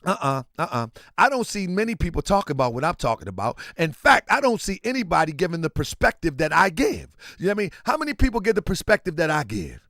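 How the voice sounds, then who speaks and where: Male show host, impassioned commentary, high voice, lively swinging pitch, dry close sound. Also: fast talker, few pauses, no echo. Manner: preachy, emphatic, repetitive, drawls rhetorical questions.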